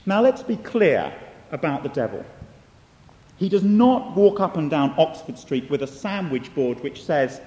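Emphatic preacher, high lively voice. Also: male voice, measured pace, reverberant, big-room sound. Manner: earnest, emphatic, questioning the listener. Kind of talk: sermon.

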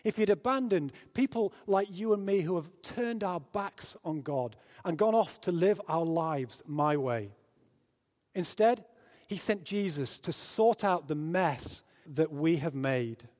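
A man from Britain preaching a sermon, telling a story and building to loud, emphatic peaks. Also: high-pitched. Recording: long hall reverb.

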